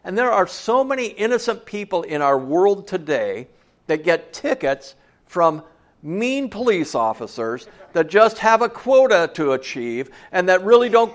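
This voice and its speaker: Conversational preacher with a fairly high voice. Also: male voice. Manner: conversational, asks the listeners questions. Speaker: pastor. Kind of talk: sermon.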